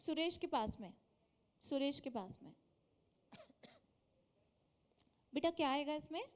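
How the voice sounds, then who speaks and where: A woman's voice: high voice, animated, very fast. A woman teacher with an Indian accent, quizzing a classroom in English mixed with Hindi and encouraging her students.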